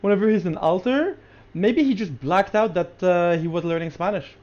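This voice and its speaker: A man's voice: high voice, normal speed, darkish tone, slight background noise. A man co-hosting a podcast in casual chat, eager and stumbling over the starts of his words. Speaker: podcast co-host. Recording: dull lo-fi mic.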